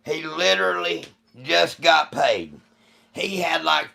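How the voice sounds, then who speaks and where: Hosting a livestream, a man tells his chat a long, rambling, profane story in a casual way. His mid-range voice is gravelly, pushed and bright.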